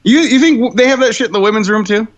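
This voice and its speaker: A man's voice: very high-pitched, quick pace, dull audio. A man co-hosting a podcast, telling a story in casual chat, swearing freely and laughing as he goes. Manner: rambling storyteller, swears a lot, laughs often. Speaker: co-host.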